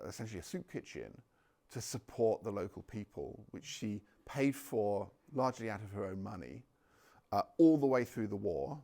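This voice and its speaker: A man giving a public history talk in a village hall, halting with many ums and restarts. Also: on the low side, vocal fry, darkish tone. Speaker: local history speaker.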